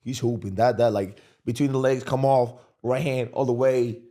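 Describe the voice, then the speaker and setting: A man's voice: mid-range voice, normal speed. A man hosting a casual podcast chat, talking emphatically with many restarts and repeated words. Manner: animated, emphatic, frequent restarts and repetitions. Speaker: show host.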